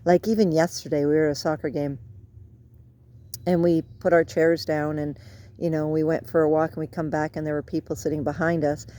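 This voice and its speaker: Middle-aged woman, low mellow voice, rambling reflective vlog chat recorded outdoors. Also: little pitch movement, a little fast. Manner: rambling, soft and reflective, drifts off topic. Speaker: vlogger. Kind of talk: casual personal reflection.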